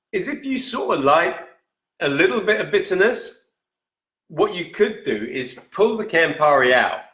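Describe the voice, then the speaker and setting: A man with a mid-range, sharp-toned voice hosts a live whisky show, chatting casually, reading viewer comments aloud, and correcting himself as he goes. The sound is reverberant, and he sits in front of the camera but steps out of frame at times.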